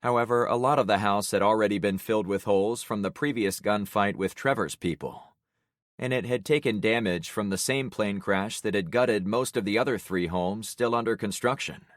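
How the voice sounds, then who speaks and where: A man with a lowish voice reads a survival story aloud in the first person. His delivery is steady and grave. The recording is dry and close, with no room sound. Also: normal speed, no echo. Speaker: audiobook narrator. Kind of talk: first-person audiobook narration.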